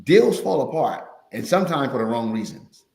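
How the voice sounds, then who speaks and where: A man's voice: mid-range voice, normal speed, gravelly. Male guest, rambling storyteller, roomy echoey sound. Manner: rambling, repeats words, animated retelling. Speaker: podcast guest, finance course teacher. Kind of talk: casual storytelling chat. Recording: roomy echo.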